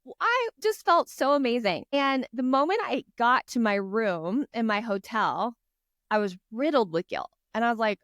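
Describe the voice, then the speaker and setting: A woman's voice: a little high, animated, normal speed, a bit bright, no echo, studio quality. A woman guest on a podcast, telling stories in an earnest, encouraging, chatty way. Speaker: guest author. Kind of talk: casual podcast chat.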